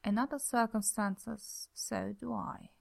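A woman reading a story, voicing a polite, wary young man who speaks in a dry, measured, understated way. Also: medium pitch, vocal fry, no echo.

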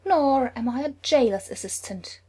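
A woman's voice: high voice, expressive, normal speed, dark tone, pitched above the performer's own voice. A woman voicing a stern older healer who speaks firmly and caustically. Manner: firm, clipped, caustic.

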